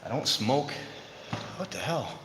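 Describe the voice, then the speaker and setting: A man's voice: mid-range voice, sing-song, slow, a bit bright. A man chatting casually to viewers on a live stream, out of breath. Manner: chatty, talks to viewers between trains. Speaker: livestreamer filming trains. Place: outdoor train station platform and footbridge in rain.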